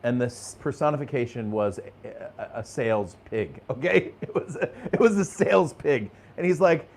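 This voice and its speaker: A man's voice: mid-range voice, animated, normal speed, few pauses, darkish tone. A middle-aged man hosting a live sales training show. He talks to viewers with energy and emphasis, chuckles often and restarts his phrases. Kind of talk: live motivational sales talk to viewers in chat.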